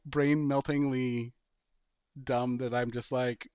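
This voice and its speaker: A man hosting a podcast, chatting casually and pitching a sketch idea with animated storytelling and bursts of laughter. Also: unhurried, clean tone, dry recording, studio quality. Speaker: podcast host. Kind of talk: casual chat.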